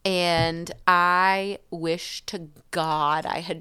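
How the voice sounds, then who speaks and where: A woman's voice: fairly low pitch, fairly quick, fairly bright tone, clean tone. A woman co-hosting a podcast, telling a self-mocking story in casual chat. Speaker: podcast co-host.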